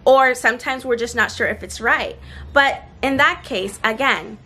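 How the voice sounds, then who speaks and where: A fairly high, sharp-toned female voice comes through with a bit of hiss or hum. The young woman is vlogging outdoors near seagulls, giving earnest, encouraging advice on speaking with confidence and slowing for emphasis.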